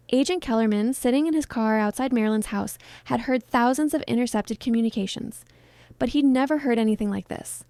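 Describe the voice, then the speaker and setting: A woman narrates a scripted true story in a hushed, solemn way. Her voice is a little high yet mellow and warm. The sound is close and dry. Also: normal speed, clean tone, dry recording.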